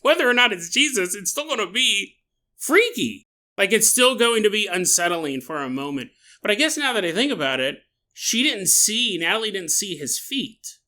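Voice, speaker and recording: A man with a high-pitched voice hosts a solo podcast while sick with a sore, dry throat, speaking at normal speed. He muses aloud in an animated, joking way and often breaks into laughter.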